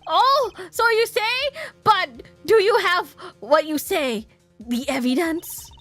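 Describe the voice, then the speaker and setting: A woman's voice: extremely high pitch, sing-song, slow pace, fairly bright tone, no echo, faint music behind, pitched above the performer's own voice, full character voice. A woman voicing a pompous, haughty wealthy male art dealer in a theatrical, indignant manner, reading game dialogue on stream. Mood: accusing.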